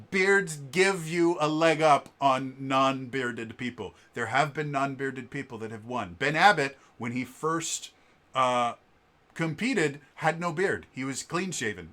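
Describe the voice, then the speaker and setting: The man's mid-range voice is bright and forceful, with lively intonation, and he takes his time. On his vlog he casually rambles through a long story, restarting and using fillers a lot, and acts out what people said.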